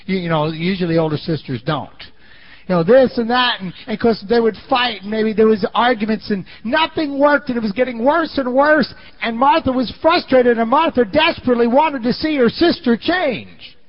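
A man's voice: extremely high pitch, normal speed, highs cut off. A man preaching a sermon in a dramatic storytelling style, often asking the audience questions.

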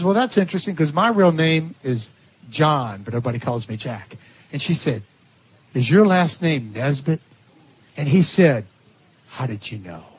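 A man with a fairly high, husky voice preaches a sermon, telling animated stories, laughing, and acting out the voices of the people in them. The sermon recording is dull and lo-fi.

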